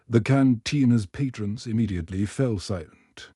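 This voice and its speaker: A man narrating a scripted story in a steady, even way. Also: mid-range voice, a little slow, no echo, clean studio sound.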